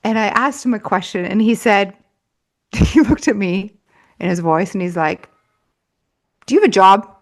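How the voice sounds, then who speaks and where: A woman's voice: mid-range voice, normal speed. A woman who works as a money mindset coach, a guest in an interview, telling a story in a chatty way with frequent laughs and fillers.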